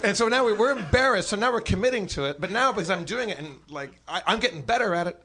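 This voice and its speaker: A man guesting on a live comedy podcast spins animated, profane anecdotes, tripping over restarts as he goes. His voice sits a touch high. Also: fast. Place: stage before a live audience.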